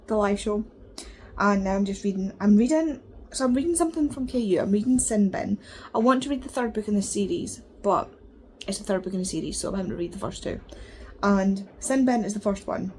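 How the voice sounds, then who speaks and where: A medium-pitched woman chats about books in a casual vlog, with slight background noise audible. Animated and talkative, the book vlogger wanders from thought to thought, using plenty of fillers.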